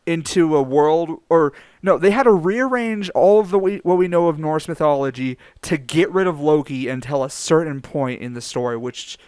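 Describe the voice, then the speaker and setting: Guy with a higher voice swearing a lot, dry close sound. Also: normal speed, few pauses, a little mellow, clear, resonant tone, no echo. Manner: blunt, heavy swearing, drops to mutters. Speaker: podcast co-host. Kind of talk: casual game review chat.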